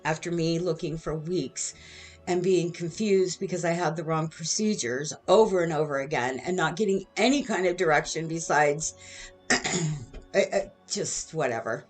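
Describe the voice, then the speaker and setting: A woman's voice: low voice, normal speed, breathy edge. A middle-aged woman venting in an indignant, sarcastic monologue aimed at her former bosses. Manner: indignant, sarcastic, with bitter laughs. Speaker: vlogger. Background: soft music.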